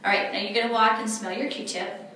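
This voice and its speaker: A woman's voice: fairly high pitch, fairly even intonation, fairly quick, bright, forceful tone, slight background noise. A woman leading a live workshop demonstration for an audience, playful and teasing as she gives instructions. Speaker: workshop presenter. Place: event room at a retreat. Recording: echoey room, mic far off.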